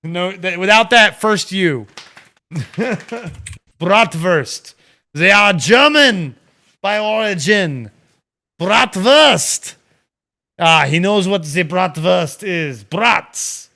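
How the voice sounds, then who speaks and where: A man from Northern Illinois hosts a laid-back watch-party stream, chatting about food with easy enthusiasm and the odd swear. His voice is bright and smooth, pitched a bit high, and he talks at an unhurried pace. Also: expressive. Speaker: stream host. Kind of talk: casual chat.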